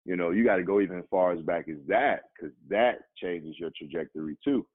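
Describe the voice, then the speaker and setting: A man's voice: a little fast, slightly rough. A man, an actor, telling personal stories in conversation and acting out the voices of the people in them. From Chicago. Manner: animated, acts out quoted voices with sudden pitch jumps. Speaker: actor and guest. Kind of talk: storytelling in conversation. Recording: dry, narrow phone-like sound.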